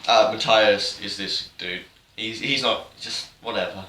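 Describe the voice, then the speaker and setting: A man's voice: lowish voice, a little slow, distant mic. Rambling, irreverent young man, roomy sound. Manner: rambling, irreverent, offhand deadpan. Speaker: YouTuber. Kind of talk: comedic game-story recap. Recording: roomy, off-mic, faint hiss.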